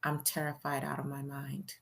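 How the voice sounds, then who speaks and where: Low, gravelly woman reading a memoir. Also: monotone, moderate pace. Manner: plain, conversational storytelling with fillers. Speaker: host reading a memoir aloud. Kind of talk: first-person memoir reading.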